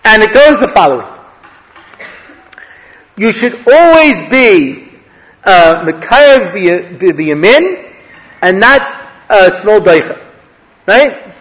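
A male rabbi giving a humorous Torah lecture, an animated storyteller who laughs at his own jokes. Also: high voice, slow pace, long pauses. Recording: long reverb of a hall.

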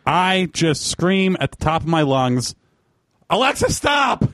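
A man's voice: on the high side, unhurried, a bit bright, no echo, studio quality. A man telling a rambling, profane story in casual podcast chat, mocking himself.

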